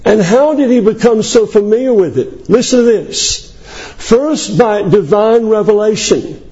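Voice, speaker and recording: A male preacher delivering a sermon, emphatic and climbing into high declamation. His voice sits high but sounds mellow and warm. The recording is dull and lo-fi. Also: unhurried. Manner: emphatic, rising to high declamation on scripture lists.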